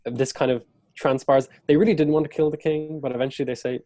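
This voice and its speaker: A man in a podcast conversation, retelling history with lively storytelling and slipping into the voices of the people he quotes. His voice sits at a middle pitch, and the recording is close and dry. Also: quick pace, no room sound.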